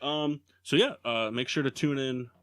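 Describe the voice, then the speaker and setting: A man's voice: mid-range voice, moderate pace, a bit bright, dry recording, clean studio sound. A man hosting a casual sports podcast, joking around and rambling with plenty of fillers. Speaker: podcast host. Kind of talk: casual chat.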